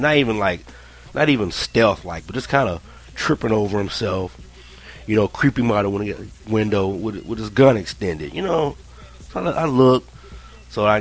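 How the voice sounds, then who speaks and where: Guy with a lowish voice, cussing a lot and rambling through a story. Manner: profane, rambling, animated retelling with many restarts. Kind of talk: casual spoken personal story.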